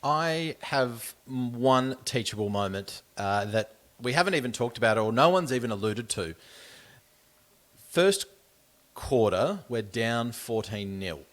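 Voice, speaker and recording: Animated Australian podcast co-host. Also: male voice, medium pitch, a little slow. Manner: animated, acts things out for listeners. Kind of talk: casual sports podcast chat.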